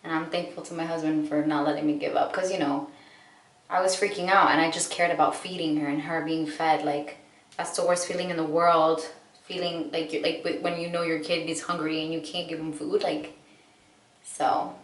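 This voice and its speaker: A woman's voice: low voice, level tone, normal speed. Woman, late 20s, vlogger. Candid, casual and full of fillers. Recorded from a distance. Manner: chatty and heartfelt, full of "like" fillers. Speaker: vlogger and mother. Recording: roomy, distant mic.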